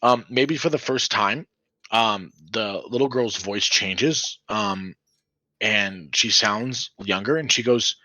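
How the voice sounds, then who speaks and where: Lower-voiced man as a rambling game master, forceful bright tone. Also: slow pace, no room sound. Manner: rambling, many fillers. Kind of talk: narrating a tabletop game.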